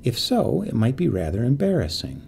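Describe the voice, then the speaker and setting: A man narrating a quiet, creepy story in a measured, quietly suspenseful way. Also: mid-range voice, huge pitch swings, creaky, a little hiss or hum.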